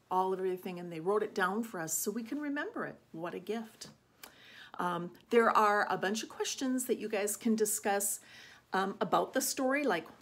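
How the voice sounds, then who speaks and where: A woman teaching a children's Bible lesson in a church in a friendly, coaxing way, often checking in with "right?". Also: medium pitch. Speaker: children's Sunday school teacher.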